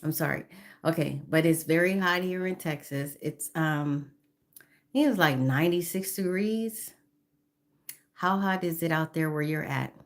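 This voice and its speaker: Woman in her fifties, lowish voice, unhurried, chatty live-stream host, phone mic. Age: 50s. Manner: chatty, greets viewers by name, apologetic. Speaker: livestreamer. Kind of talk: casual live-stream chat, greeting viewers.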